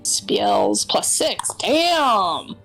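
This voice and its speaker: A woman player in a tabletop game, calmly declaring her moves and counting out her rolls. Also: medium pitch, gravelly, faint music behind. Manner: slow, easygoing, counting out dice rolls. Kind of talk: casual tabletop play.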